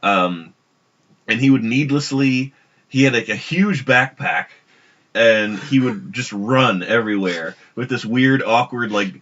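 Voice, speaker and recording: A man co-hosts a casual podcast, rambling through a long story and interrupting himself with frequent restarts. His voice is medium-pitched, a bit bright, and a little slow, and the lo-fi audio sounds dull.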